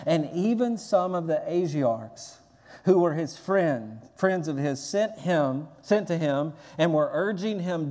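A male pastor preaches with earnest energy, stacking repeated phrases. His voice runs fairly high. It rings with long reverb through a large sanctuary. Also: animated, takes it slowly, darkish tone. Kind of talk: sermon.

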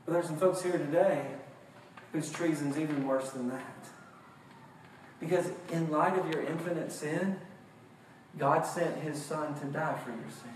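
A male preacher with a slightly high voice delivers an impassioned, unhurried sermon with long pauses, swinging from hushed tones to shouting and acting out mock voices of listeners. He's in a very echoey church sanctuary, far from the mic, with faint noise.

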